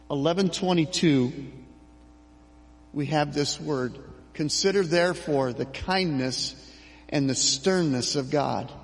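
A middle-aged man preaching a sermon as pastor, slow and emphatic with dramatic pauses. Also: on the high side, vocal fry, long reverb tail.

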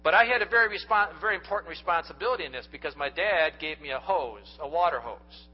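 A man's voice: a little high, fast, breathy edge, soft background music. A man preaching a sermon as pastor, speaking earnestly and directly to his congregation and telling folksy stories. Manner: folksy storytelling. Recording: dull lo-fi recording.

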